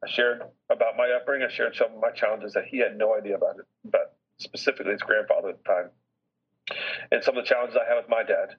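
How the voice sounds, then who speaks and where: A middle-aged man speaking as an interview guest, earnest and heartfelt, pausing to reflect as he tells a personal story. His voice is husky, and it comes through a slightly dull, lo-fi recording. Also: fairly low pitch, steady tone. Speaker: business chairman as podcast guest.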